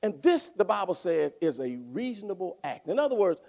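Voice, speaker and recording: A man preaching a sermon, animated, asking and answering his own questions and bursting into shouts. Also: high-pitched, brisk, gravelly.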